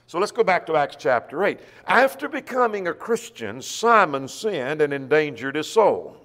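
Preacher man with a higher voice, reverberant church. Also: sing-song, moderate pace, fairly bright tone. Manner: reads scripture aloud and asks the congregation rhetorical questions. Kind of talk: sermon. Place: church auditorium.

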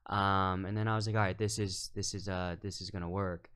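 Man, low voice, relaxed podcast chat, thoughtful, filler-heavy. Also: brisk, clean tone. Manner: relaxed, thoughtful, lots of "you know" and "like". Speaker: film director guest.

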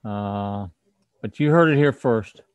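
Low-voiced man explaining firmware plans. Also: slow, clear, resonant tone, no echo, muffled recording. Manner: explanatory, restarts sentences. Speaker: host, firmware developer. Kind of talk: casual livestream tech talk.

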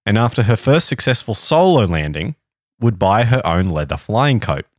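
A man's voice: lowish voice, big pitch swings, normal speed, no echo, studio quality. An Australian man co-hosting a podcast, telling a history story in a casual, joking chat. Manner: reads history notes, jokey asides. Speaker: podcast co-host.

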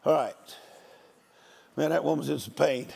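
A man's voice: fairly high pitch, normal speed, creaky, darkish tone, husky. An older man, a guest preacher, giving a storytelling sermon in a folksy, joking country manner.

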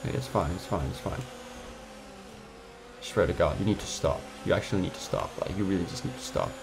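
A man's voice: deep voice, brisk, noisy background. A man giving casual gameplay commentary, frustrated, swearing and trash-talking his rivals. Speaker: gamer.

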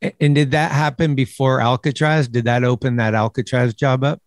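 A man hosting a podcast, asking quick questions and giving short reactions in casual chat. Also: medium pitch, steady tone. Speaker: podcast host.

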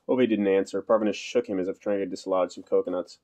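A man reading an audiobook aloud. His telling is dry and understated, and it moves at a quick pace. His voice is low, with a dark, mellow tone. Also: steady tone, dull audio. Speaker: audiobook narrator. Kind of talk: scripted narration.

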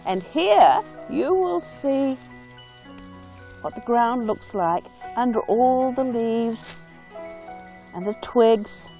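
A woman with a New Zealand accent, a children's author presenting an educational video in a slow, singsong storytelling way. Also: a little high, animated, warm tone, soft background music.

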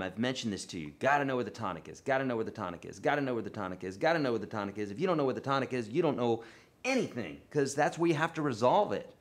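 A man teaching a live online guitar lesson, coaching in a relaxed, repetitive way and checking in often with the viewers. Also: medium pitch. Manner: relaxed, repetitive coaching with frequent "okay?" and "right?".

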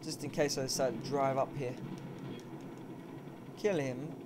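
A man's voice: medium pitch, steady tone, measured pace. A man giving casual let's-play commentary as a gamer, cursing and chatting to himself as he plays. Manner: cursing, chatty, mutters at the game. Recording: game sounds and engine noise under the voice.

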